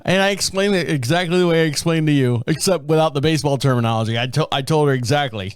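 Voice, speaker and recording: A man's voice: a little high, fast talker, few pauses, clear, resonant tone, no room sound, clean studio sound. A man hosting a comedic solo podcast, telling a rambling story and often laughing at himself. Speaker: podcast host.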